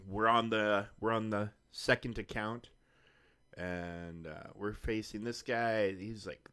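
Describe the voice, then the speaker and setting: A man's voice: lowish voice, fairly even intonation, takes it slowly, pushed and bright, clean tone. A man streaming a mobile game, chatting casually and rambling, sometimes swearing. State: hiccups. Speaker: gaming streamer. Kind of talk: casual live-stream chat.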